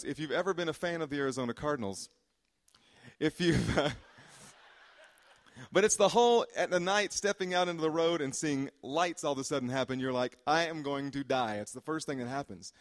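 A man preaching a sermon as a pastor, conversational and joking, with frequent "uh" fillers. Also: on the high side. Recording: long hall reverb.

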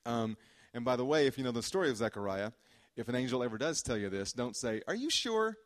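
A man's voice: mid-range voice, fast. A man preaching a sermon as a pastor, conversational and joking, with frequent "uh" fillers. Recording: long hall reverb.

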